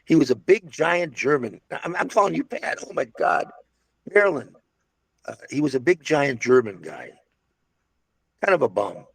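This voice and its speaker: A man's voice: a little high, big pitch swings, normal speed, vocal fry, pauses often, fairly bright tone, husky, no echo. An older man reminiscing casually about his restaurant days, a rambling storyteller full of restarts and asides. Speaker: interviewee recalling restaurant days.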